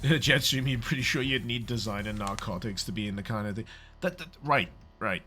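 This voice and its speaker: A young man from Liverpool with a softened Scouse accent, giving casual gameplay commentary on a livestream, rambling, stammering over words and swearing wryly. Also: fairly low pitch, a little fast, soft background music. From Liverpool, England. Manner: rambling, stammering repeats, frequent swearing, wry.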